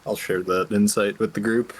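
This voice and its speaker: A man's voice: fairly low pitch, level tone, moderate pace, slight background noise. A man talking casually as a player at a tabletop game, with a dry, sarcastic way of speaking.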